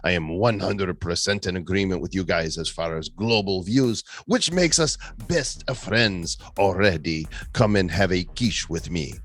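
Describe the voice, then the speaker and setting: A man's voice: sits low, normal speed, few pauses, bright, forceful tone. A man voicing a chatty French male podcast fan with a playful mock French accent. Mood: fond.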